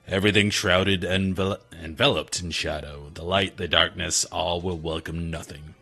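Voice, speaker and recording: A man's voice: sits low, steady tone, moderate pace, creaky, pushed and bright, husky, full character voice. A man voicing an ominous darkness entity.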